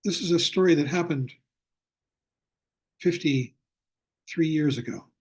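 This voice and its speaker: Older man, husky, slightly high voice, reflective teacher, video call lecture. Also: darkish tone. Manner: reflective, slows down for emphasis. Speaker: Buddhist teacher. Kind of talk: online lecture with storytelling.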